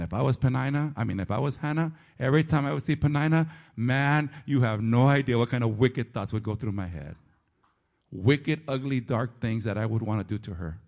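A man preaching to his congregation, his voice sitting a little high for a man. He is animated and self-mocking, pushing hard on key points, then dropping into low, confiding asides. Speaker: pastor. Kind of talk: sermon. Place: church.

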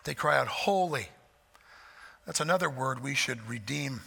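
A man preaching a sermon, emphatic, swelling loud on repeated phrases, with folksy asides. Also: medium pitch, lively intonation, unhurried, creaky, breathy edge. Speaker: pastor. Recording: long hall reverb.

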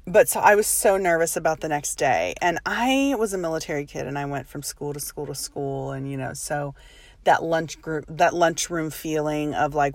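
Woman, 30s, low voice, dry close sound; chatty, self-deprecating storyteller who laughs a lot. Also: no room sound. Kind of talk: casual personal storytelling.

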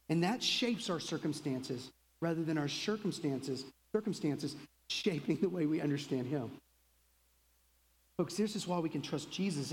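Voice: medium pitch, in a large hall, low-quality recording. Pasteur à l'canadien, prêche sur un ton de conversation, longue réverbération d'une salle d'église. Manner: conversational, acts out quotes in lively voices. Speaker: pastor. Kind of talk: sermon.

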